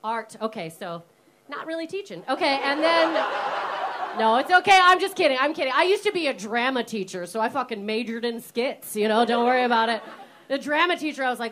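A woman in her thirties works a comedy club crowd with brash, sweary teasing. Her voice sits high. A faint noise runs under the live stage mic. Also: lively intonation, fairly quick. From Canada. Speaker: stand-up comedian. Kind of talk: stand-up comedy with crowd work.

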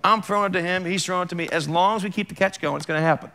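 Bright-voiced man preaching conversationally. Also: sits high, racing. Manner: conversational and emphatic, full of rhetorical questions. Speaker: pastor. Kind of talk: sermon. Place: church.

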